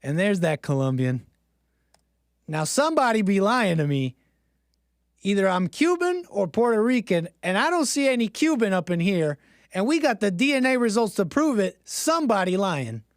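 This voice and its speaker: A man's voice: sits high, big pitch swings, moderate pace, no room sound, clean studio sound. A man hosting a livestream, joking and self-mocking as he talks to his chat. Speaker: streamer host. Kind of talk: casual livestream monologue.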